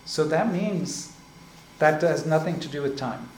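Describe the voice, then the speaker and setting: A man giving a spiritual discourse as a teacher. He explains slowly and often checks in with "right?" and "like this". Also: a little high, a little mellow. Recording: echoey room with faint ambient noise.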